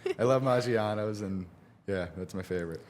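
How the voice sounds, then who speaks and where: A man's voice: fairly low pitch, brisk, a loud crowd. A young man, a college athlete, answering interview questions in an easygoing, hesitant way and laughing often. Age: young adult.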